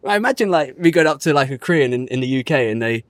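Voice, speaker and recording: A UK guest on a podcast tells his story casually and rapid-fire, with plenty of energy, street slang, and impressions of the people he quotes. His mid-range voice is animated and comes through in a dry, close-miked recording.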